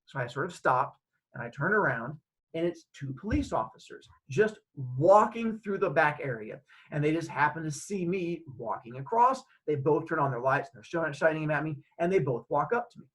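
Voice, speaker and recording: A man tells a personal story in a casual, animated way, with his voice swinging up and down as he acts out each line of dialogue. He sits a bit higher than most men's voices. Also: moderate pace, rough recording. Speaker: host.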